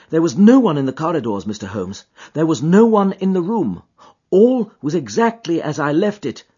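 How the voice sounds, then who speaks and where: A man reading a first-person story aloud as an audiobook, with an expressive, dramatic delivery. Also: fairly high pitch, slightly rough. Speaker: audiobook reader. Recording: dull lo-fi recording.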